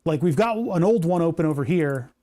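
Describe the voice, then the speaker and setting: Male streamer, higher pitch, casual rambling tinkering talk with wry jokes. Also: lively intonation, fairly quick, dark tone. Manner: rambling, joking, talks to chat while working. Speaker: maker streaming a hardware project.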